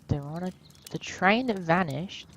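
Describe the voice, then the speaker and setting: Woman, let's play commentator; deep, unhurried, playful musing. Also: lively intonation, fairly bright tone, slight background noise. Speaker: gamer.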